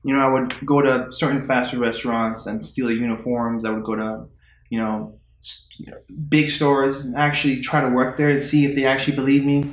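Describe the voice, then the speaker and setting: A man's voice: mid-range voice, level tone, fairly quick. A man as a talk show guest, rambling and hesitant with many fillers. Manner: rambling, hesitant, full of "you know" and "um". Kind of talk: comic interview. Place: studio with live audience. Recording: echoey studio, faint ambience.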